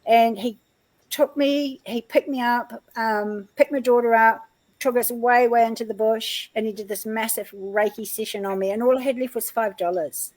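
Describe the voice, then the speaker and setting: A woman's voice: a little high, steady tone, moderate pace, darkish tone, rough recording. A middle-aged woman, a guest healer telling a personal story in casual chat with plenty of fillers and laughs. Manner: chatty, laughing, lots of fillers.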